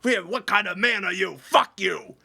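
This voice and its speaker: A man putting on a cocky restaurant boss who pushes and taunts, swearing freely. The voice sits fairly high and has a gravelly edge. It cuts through bright and tense. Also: expressive, a little slow, full character voice. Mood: scornful. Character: brash male restaurant boss, aggressive and goading.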